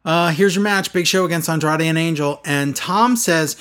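A man's voice: on the high side, moderate pace, hardly any pauses, fairly bright tone. Sarcastic man ranting about a show. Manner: sarcastic, exasperated, mocking. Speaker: wrestling show reviewer. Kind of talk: casual chat.

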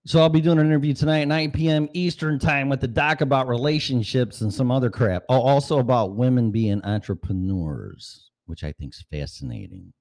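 A man's voice: mid-range voice, expressive, brisk, hardly any pauses, darkish tone. Profane, rambling sarcastic man. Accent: Chicago. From Chicago. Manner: profane, sarcastic, jumps between jokes and voices. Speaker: vlogger. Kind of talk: casual rambling monologue.

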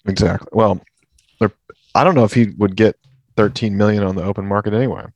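A man co-hosting a casual basketball podcast, giving news in a measured, analytical way. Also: fairly low pitch, fairly even intonation, darkish tone, dry recording. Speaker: podcast co-host, news segment.

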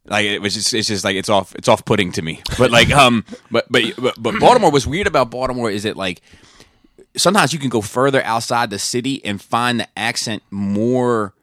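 A man's voice: mid-range voice, brisk, bright, forceful tone, no room sound, studio quality. A man co-hosting a podcast in casual chat, stammering and laughing and mimicking accents. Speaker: podcast co-host.

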